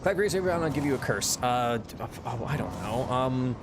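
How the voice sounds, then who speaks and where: A man streams a game and chats casually, rambling with lots of fillers and restarts, laughing often and yelping loudly at in-game mishaps. His medium-pitched voice is animated and a little fast, with a noisy background and game music playing.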